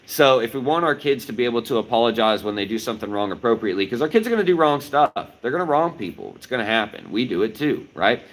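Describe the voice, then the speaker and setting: A middle-aged man with a fairly low voice talks to his viewers as a martial arts instructor. He explains his points in order and often repeats them, checking in with listeners as he goes. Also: a bit bright, poor audio. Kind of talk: livestreamed talk to viewers.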